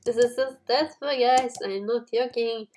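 A woman's voice: a little high, unhurried, a little mellow, slight background noise. Panicky, chatty woman gaming host. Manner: chatty, panicky, frequent yelps and screams. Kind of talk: casual game commentary.

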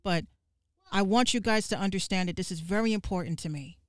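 A woman's voice: mid-range voice, dry recording. Woman podcast host ranting on stream, cussing, heated, dead dry mic sound, medium voice. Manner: profane and fiery, with quick asides. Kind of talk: livestream rant.

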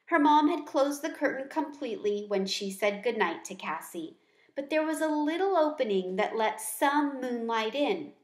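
A woman reading a children's book aloud in a gentle, expressive storyteller voice. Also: a little high. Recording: echoey room.

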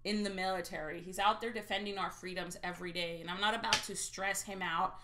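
Over a noisy background, a woman with a fairly low, fairly even voice talks fairly quickly on her live stream. She scratches lottery tickets, reads off viewer names, and chats through stories in a blunt, foul-mouthed, salty style.

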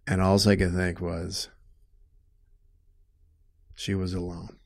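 A middle-aged man with a somewhat low voice recounts a hard family story in conversation. He speaks haltingly and with feeling, restarts his sentences, and turns loud and heated when upset. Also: monotone, creaky. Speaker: guest telling his story. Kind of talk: personal storytelling in an interview.

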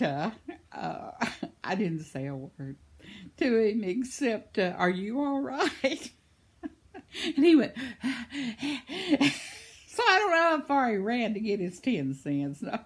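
A woman's voice: on the high side, a bit bright, slightly rough. An older woman telling a rambling everyday story in a chatty vlog, laughing often as she talks. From United States. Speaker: vlogger. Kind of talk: casual storytelling.

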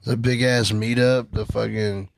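A man's voice: medium pitch, flat delivery, measured pace, creaky, a little hiss or hum. A man co-hosting a podcast, chatting loosely and profanely with friends, often laughing. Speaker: podcast co-host. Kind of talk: casual group banter.

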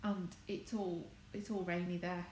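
A married adult Englishwoman, a crafts vlogger, chats casually on a livestream from her home conservatory, wandering off topic and correcting herself. Her voice is fairly low, darkish and flat, a little slow. The room is echoey with faint background noise.

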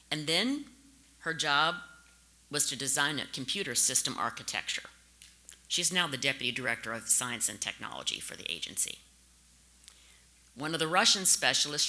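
A woman's voice: deep voice, pushed and bright. An American woman in her fifties from St. Louis, giving a direct, anecdotal conference speech. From St. Louis, USA. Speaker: conference speaker.

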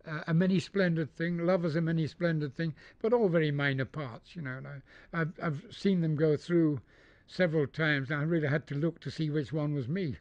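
An older man from the north of England tells stories with a smoothed-out, mid-Atlantic English accent. His voice sits slightly high for a man, and he keeps pausing with ums and restarts. The recording is dry and dull, like lo-fi tape. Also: fairly even intonation, dry recording. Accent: neutralized English, mid-Atlantic. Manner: storytelling, hesitant with frequent ums and restarts. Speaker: interviewee, dubbing studio founder. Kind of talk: relaxed anecdotal interview.

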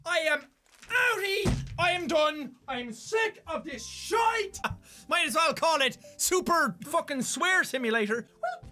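A man giving frustrated, foul-mouthed gameplay commentary, shouting and swearing at the game, his voice pitched up by editing. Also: lively intonation, measured pace. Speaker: gaming commentator.

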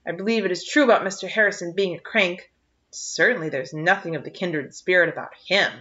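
A woman's voice: on the low side, fairly quick, fairly bright tone, lightly acted. A woman voicing an eager, earnest teenage girl. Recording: dull lo-fi recording.

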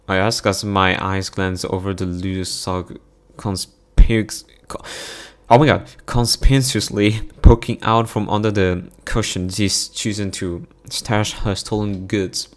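A man reading a visual novel aloud as its narrator, in a brisk first-person voice that sometimes breaks off at his own slips. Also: lowish voice.

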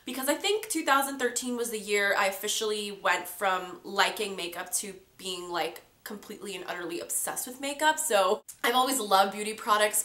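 A woman's voice: mid-range voice, bright, forceful tone. A woman in her twenties with a stuffy, nasal voice from a cold, chatting casually to her viewers as a beauty vlogger, with lots of fillers. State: congested from a cold. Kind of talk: casual chat to camera. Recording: roomy echo.

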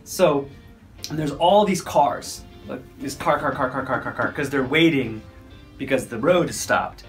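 Middle-aged American man, storytelling teacher type, lively and animated, soft guitar faintly behind. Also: medium pitch, measured pace. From United States. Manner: animated, acts out sounds and voices in his stories. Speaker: university English teacher. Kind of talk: casual storytelling.

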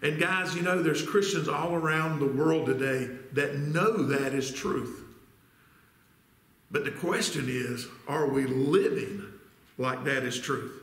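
Guy preaching in church, reads bible verses out, kinda high voice, roomy echo. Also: takes it slowly, a bit bright. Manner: reads scripture aloud, asks the congregation questions. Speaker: pastor. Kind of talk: sermon. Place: church sanctuary.

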